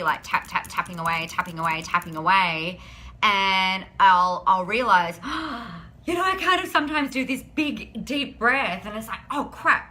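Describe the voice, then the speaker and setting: Bright, upbeat woman hosting a live stream. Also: lowish voice, slight background noise. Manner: upbeat and encouraging, chatty with frequent "like". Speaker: host of a weekly live business show. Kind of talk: casual live-stream chat.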